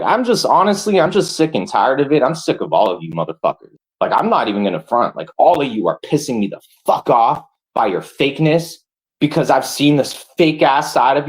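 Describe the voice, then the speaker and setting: A man ranting on a livestream, furious and profane, talking straight to his viewers. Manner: furious, profane, lively pitch. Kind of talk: angry livestream rant.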